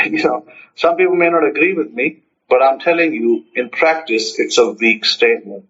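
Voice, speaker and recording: A man's voice: mid-range voice, moderate pace, fairly bright tone, muffled recording. A man teaching, who acts out short dialogues and repeats his points for emphasis. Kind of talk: spoken self-help teaching.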